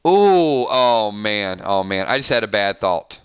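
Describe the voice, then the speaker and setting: A male channel host chatting on a live stream, reading viewer comments, excitable and laughing often, talking straight to his viewers. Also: lowish voice, a little slow, clear, resonant tone, no room sound, studio quality.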